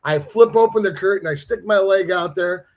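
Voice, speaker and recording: A male host with a notably high voice tells a comic story about himself. He talks in a playful, joking way and plays the story up for laughs. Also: normal speed. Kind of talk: casual storytelling.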